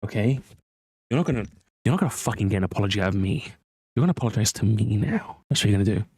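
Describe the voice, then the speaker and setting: A man mocking an arrogant man who demands an apology, in a low, sulky voice during a live stream. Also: animated, very fast, darkish tone, slightly rough, dry recording, studio quality. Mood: smug, demanding.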